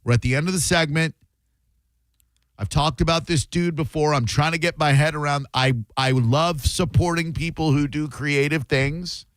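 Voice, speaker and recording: A man's voice: a little high, fairly even intonation, moderate pace, clear, resonant tone, no echo. A man hosting a radio talk show, chatting casually with sarcastic asides. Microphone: studio microphone.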